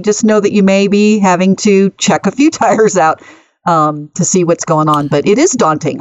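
A woman's voice: medium pitch, dry recording. A woman co-hosting a podcast, giving earnest advice in casual chat. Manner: earnest, advising, laughs easily. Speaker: podcast co-host. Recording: slightly muffled audio.

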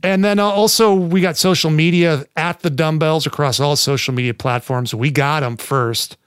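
A man co-hosts a podcast in relaxed, jokey chat, drifting and rambling. His voice is clean and smooth, a little higher than most men's. The sound is dry and close, with no room echo. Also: moderate pace. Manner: laid-back, rambling, jokey. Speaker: podcast co-host. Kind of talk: casual chat.

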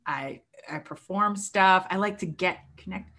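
A young woman telling a personal story in conversation, expressive and quick to act out other people's voices. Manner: expressive, acts out quoted voices with big pitch jumps. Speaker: guest.

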